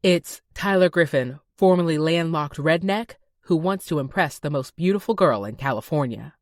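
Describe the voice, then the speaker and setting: A woman's voice: low-pitched, moderate pace, a little mellow, no room sound, studio quality, natural voice. A woman voicing an easygoing young male contractor. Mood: warm, teasing. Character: charming young male Texan contractor, gentle. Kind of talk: audiobook narration. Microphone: close studio mic.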